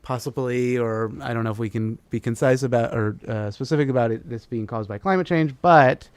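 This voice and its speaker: A man's voice: medium pitch, brisk, darkish tone, clear, resonant tone, no echo. A man co-hosting a casual livestreamed podcast, who rambles, trails off and laughs often. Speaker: podcast co-host.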